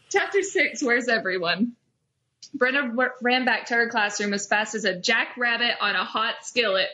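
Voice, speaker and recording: A woman's voice: on the high side, moderate pace, pushed and bright. A young woman hosting a comedy podcast, dramatically reading old fan fiction aloud and breaking into giggles. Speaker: podcast host.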